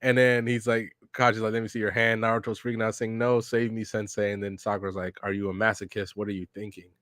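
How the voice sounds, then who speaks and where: Male podcast host, low voice, reading manga panels aloud in a loose, slangy way; dry close-mic sound. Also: quick pace, no echo. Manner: reads character lines aloud in a flat, slangy storytelling way. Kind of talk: casual read-along reaction.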